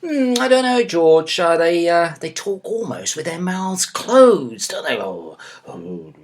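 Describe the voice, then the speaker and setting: A man playing a patient father in a comedy chat, gently encouraging his son and calling him by name again and again. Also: a little high, big pitch swings, slow, slight background noise.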